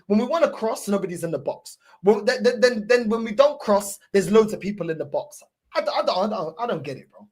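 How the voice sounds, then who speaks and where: A woman's voice: mid-range voice, husky. A woman hosting a football fan channel, ranting angrily after a loss, swearing, repeating herself and switching between English and Portuguese. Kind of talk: angry fan reaction rant.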